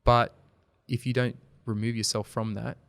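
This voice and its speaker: A video company founder with a gravelly, medium-pitched voice speaks at a normal speed, with no echo, as a podcast guest. Earnest and storytelling in a casual interview, he becomes animated when making a point.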